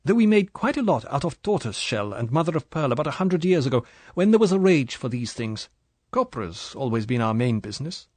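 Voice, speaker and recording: A man's voice: mid-range voice, sing-song, fairly quick, darkish tone, no room sound, pitched above the performer's own voice. A man voicing a polite, composed woman explaining her family business.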